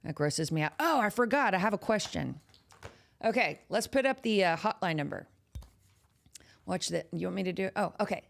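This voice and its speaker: A woman's voice: mid-range voice, animated, moderate pace, gravelly, pauses often. A woman with a Texas accent hosting a horror podcast in casual, playful live chat that teases her audience. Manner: chatty and playful, teasing the audience.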